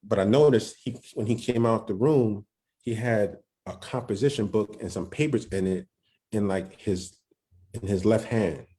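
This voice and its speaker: Man, very low voice, mellow tone, casual halting storytelling. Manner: loose, halting, with many restarts and street slang. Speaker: podcast guest.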